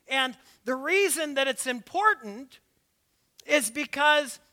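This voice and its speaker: High-voiced, bright-toned preaching pastor. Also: male voice, lively intonation, takes it slowly. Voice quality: slight lisp from dental aligners. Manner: emphatic preaching, rising to shouts on key points; breaks into laughter and asides. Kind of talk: sermon. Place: church sanctuary, also live-streamed.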